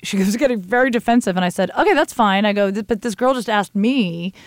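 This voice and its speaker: A woman's voice: medium pitch, fast, dry recording. Candid, swearing woman host in casual chat. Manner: candid, animated storyteller who swears freely. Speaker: podcast host.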